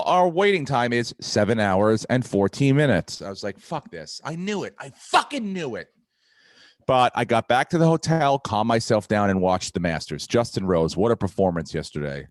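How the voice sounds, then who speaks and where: A man's voice: mid-range voice, no room sound, studio quality. A middle-aged man, a podcast host, telling a comic story in casual chat, swearing freely and acting out the people in it. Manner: profane, animated, acts out dialogue.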